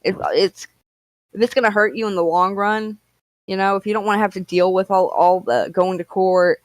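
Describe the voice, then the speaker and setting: A woman's voice: mid-range voice, fairly even intonation, normal speed, no room sound, rough recording. A woman co-hosting a casual chat show, easygoing and rambling with lots of fillers. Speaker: co-host.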